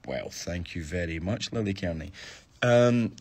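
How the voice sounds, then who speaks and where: A man's voice: deep voice, lively intonation, unhurried, darkish tone, slightly rough. A Scottish man, a stage actor, chatting casually on a phone live stream and answering fan questions, thinking aloud with restarts.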